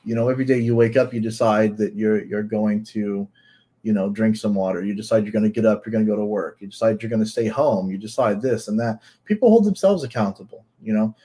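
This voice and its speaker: A man's voice: fairly low pitch, fast, mellow, husky. A man giving blunt, profane reaction commentary on a video, piling up rhetorical questions.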